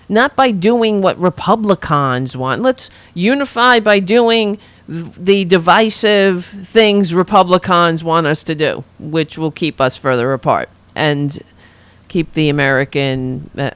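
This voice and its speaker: A woman's voice: low-pitched, smooth. A woman hosting her own political commentary show, speaking in an impassioned, rallying way and repeating slogans.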